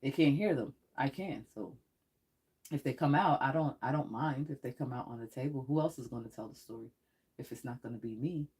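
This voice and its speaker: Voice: medium pitch, a little fast, darkish tone, husky. A psychic tarot reader hosting a live stream in casual chat. Talks in a rambling, talkative way and laughs often. Turns blunt and threatening when addressing trolls.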